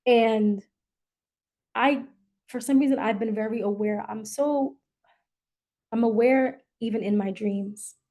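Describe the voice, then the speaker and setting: A woman's voice: a little high, takes it slowly, pauses often, warm tone. A woman who hosts a coaching podcast, telling a personal story in an earnest, emotional way and holding back tears. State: near tears. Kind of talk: personal reflective monologue.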